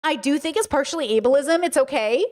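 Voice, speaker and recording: A woman streamer with a high, bright-pitched voice and a California Valley girl accent talks straight to her chat. She reads viewers' comments aloud and answers them in a chatty run, tagging her points with "okay?" and "you know?". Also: expressive, a little fast. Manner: talkative, frequent "okay?" and "you know?" tags; mimics other people's voices and mannerisms. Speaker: streamer and podcast host. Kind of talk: livestream monologue, reading chat aloud.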